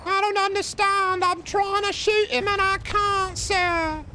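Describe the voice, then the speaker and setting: A man's voice: very high voice, level tone, measured pace, sharp tone, faint music behind, pitched above the performer's own voice, full character voice. A man voicing a nasal, whiny young British boy who streams games and complains in a prim, fussy way.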